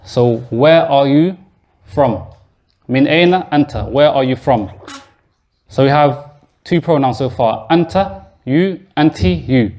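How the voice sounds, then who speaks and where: A man teaches a beginners' class in a mosque classroom, his voice sitting at an everyday middle pitch. He explains each point step by step and keeps stopping to quiz his students. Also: expressive, slow pace, darkish tone. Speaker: Arabic teacher. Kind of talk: classroom lesson.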